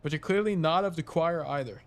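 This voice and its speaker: A man's voice: a little high, brisk, lightly acted. A man voicing a grouchy male bug caretaker in a put-on English accent, reading game dialogue aloud and scolding.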